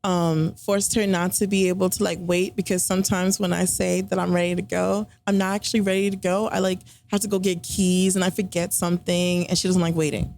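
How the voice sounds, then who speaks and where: A woman with a fairly low voice telling a personal story on a podcast in easy, rambling chat. She fills her talk with likes and ums and acts out both sides of the conversations she recalls. A faint hum sits under the recording. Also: flat delivery, a little fast, gravelly, few pauses, a little mellow. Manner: chatty, many fillers, acts out quoted dialogue.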